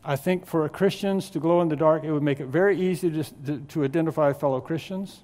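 Preaching an expository sermon verse by verse, a pastor whose voice is somewhat high for a man gives key words heavy, drawn-out stress. His tone is darkish, and a long, ringing hall reverb fills the recording.

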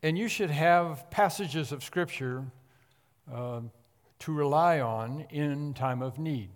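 A man preaching a sermon in an earnest, emphatic way, with a fairly high voice for a man. His voice rings out with a long reverb, as in a church hall. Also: takes it slowly. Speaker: pastor.

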